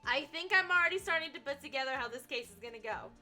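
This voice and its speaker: Animated, bright-voiced woman streamer. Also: high-pitched, fast, soft background music. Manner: animated and giggly, reads chat aloud. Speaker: gaming streamer. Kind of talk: casual live-stream gaming chat.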